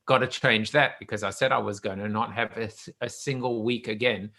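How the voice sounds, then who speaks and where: A man's voice: on the low side, steady tone, fairly quick, a bit bright. A man hosting a casual panel chat over a video call, rambling with frequent restarts. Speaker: show host.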